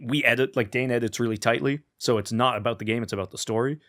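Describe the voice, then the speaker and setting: A man's voice: mid-range voice, fairly even intonation, quick pace, a bit bright. A man chatting loosely as a podcast guest, joking and swearing freely. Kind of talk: casual conversation.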